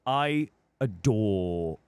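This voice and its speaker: A man's voice: on the low side, very slow, smooth, no echo. A British man, a voice actor guest, talking earnestly and casually on a livestream. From Britain. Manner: earnest, animated, drifting into character voices. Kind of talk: casual chat. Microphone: studio condenser.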